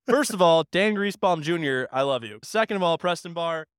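Man, draft show host, upbeat and joking, smooth higher voice, dry mic. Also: expressive, moderate pace, fairly bright tone, no echo. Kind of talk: casual show banter.

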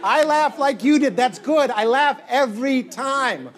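High-voiced, goofy stand-up comedian. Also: male voice, unhurried. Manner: animated, goofy, bursts into shouted bits. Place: comedy stage before a live audience. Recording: live audience laughter.

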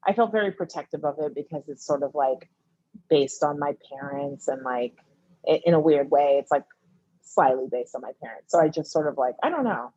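A woman's voice: deep voice, fairly quick, dark tone, breathy edge, lo-fi sound. A woman television writer and producer chatting as a guest in an interview, telling stories animatedly and acting out what her friends say. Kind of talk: casual interview chat.

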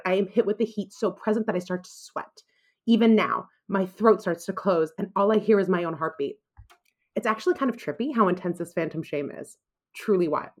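A woman in her thirties telling an earnest, self-deprecating personal story, then answering questions about it. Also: medium pitch.

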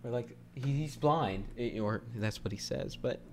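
A man's voice: mid-range voice, unhurried, gravelly, soft background music. A man hosting a casual podcast chat, joking around, laughing often and stumbling over restarts. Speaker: podcast host.

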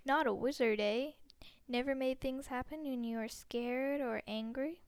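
A gruff, folksy giant gamekeeper with a big heart and a short temper, read by a woman. He talks bluntly in a clipped dialect, in a somewhat high, smooth storybook voice with a dry close sound. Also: measured pace, dry recording. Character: giant bearded male gamekeeper, gruff, loyal, hot-tempered. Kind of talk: audiobook character reading.

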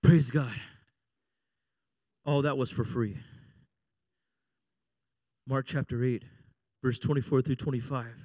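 A man's voice: mid-range voice, steady tone, takes it slowly, long pauses, dark tone, dry recording, studio quality. A middle-aged man preaching a sermon as a pastor, joking and conversational, often asking the congregation for an amen. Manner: jokey, conversational preaching with frequent call-outs for amen.

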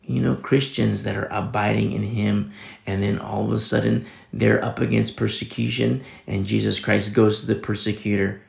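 Gravelly man preaching a rambling sermon. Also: medium pitch, brisk, reverberant. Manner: rambling, with many restarts and emphatic rises. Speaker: pastor. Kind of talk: conversational Bible teaching sermon.

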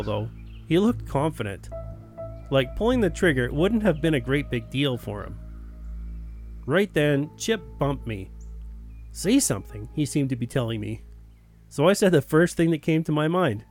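A man's voice: on the high side, big pitch swings, moderate pace, soft background music. A man telling a first-person story in a plain, wry narrating voice.

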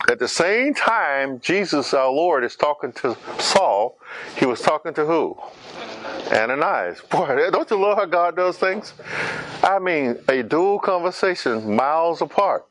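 A man's voice: fairly high pitch, very animated, a little slow, a bit bright, slight background noise. A man preaching a sermon, questioning the congregation and acting out scripture scenes.

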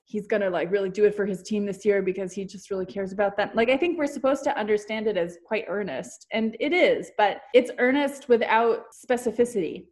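A woman's voice: medium pitch, lively intonation, normal speed, few pauses. A woman co-hosting a podcast, analyzing a comic while thinking aloud, with lots of "like" and "kinda". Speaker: podcast co-host. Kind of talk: casual analytical discussion.

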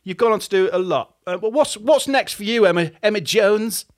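Bloke hosting a podcast, jokey and self-mocking, bit high voice, dry close sound. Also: male voice, fairly quick, no echo. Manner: teasing, self-deprecating banter. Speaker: podcast host. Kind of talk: casual chat.

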